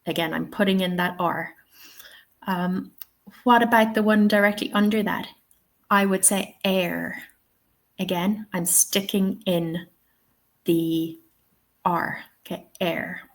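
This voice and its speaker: Slow, patient Irish woman teaching. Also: medium pitch, steady tone. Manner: patient, checks in often with "okay" and "all right". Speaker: TEFL trainer. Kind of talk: online teaching webinar. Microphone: webinar.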